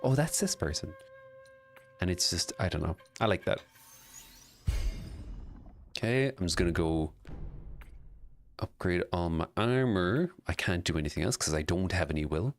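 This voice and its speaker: A man's voice: low-pitched, animated, normal speed, pauses often, faint music behind. A man casually commenting while he plays a video game, chatting about its story lore. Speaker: streamer.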